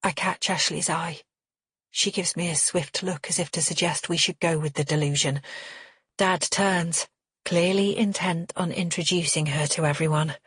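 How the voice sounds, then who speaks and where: A woman with a low, husky voice narrates a first-person thriller audiobook. Her reading is even and measured. The recording is close and dry, with no room echo.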